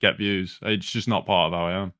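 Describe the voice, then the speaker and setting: A man from England with a South Yorkshire accent, chatting casually as a guest, relaxed and self-deprecating. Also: low voice, brisk, no echo, clean studio sound. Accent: South Yorkshire English. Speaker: guest streamer. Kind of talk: casual chat.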